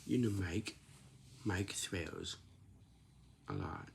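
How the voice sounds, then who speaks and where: A man's voice: low-pitched, sing-song, very slow, gravelly, slight background noise. A man chatting casually and rambling, repeating himself and often restarting his sentences.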